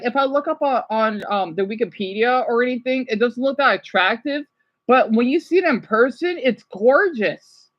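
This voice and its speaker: An excitable woman from the United States hosting a casual livestream, gushing as she reacts and often apologizing. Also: sits high, lo-fi sound. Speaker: livestream host.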